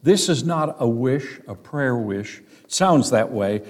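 Slow, emphatic male Bible teacher. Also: mid-range voice, lively intonation. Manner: emphatic, slow and deliberate, stressing key words. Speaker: pastor.

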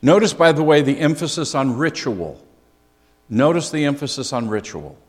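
An earnest man teaches a Bible study, his pitch rising and falling with lively emphasis as he repeats key phrases. His voice carries a long reverb from a large hall. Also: normal speed.

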